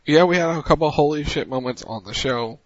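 Male talk-radio host, husky, loose and jokey, dry close mic with a dull edge. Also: on the high side, fast, dry recording. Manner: loose, joking, often repeats himself. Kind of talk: casual chat.

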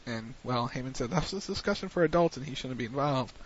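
A man's voice: mid-range voice, lively intonation, quick pace, slight background noise. A man hosting a wrestling recap show on internet radio, chatting casually and rambling with lots of fillers. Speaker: wrestling podcast host. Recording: muffled lo-fi radio stream.

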